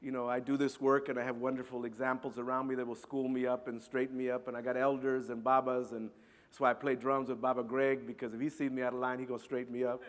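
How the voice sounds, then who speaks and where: A middle-aged man telling a personal story to an audience in an earnest, halting way, often repeating words. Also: mid-range voice, flat delivery. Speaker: speaker. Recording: long hall reverb.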